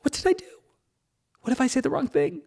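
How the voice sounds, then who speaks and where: A man doing a frantic, high Moses. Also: wildly swooping pitch, brisk, a little mellow, exaggerated voice. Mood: pleading. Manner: frantic, whiny, pleading. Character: anxious pleading adult man, frightened people-pleaser.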